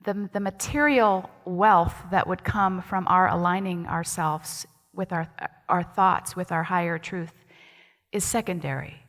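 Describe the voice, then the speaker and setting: A woman associate minister with a lowish, fairly even, somewhat bright voice speaks a little slowly as she delivers a conversational sermon in a church sanctuary. She's chatty and poses questions to the congregation, while a long hall reverb fills the space.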